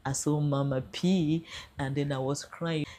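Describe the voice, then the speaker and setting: A woman's voice: low-pitched, fairly even intonation, unhurried, mellow. An older Nigerian woman with a Nigerian accent earnestly recounting her own experience, slipping into Pidgin at times. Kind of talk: emotional first-person account.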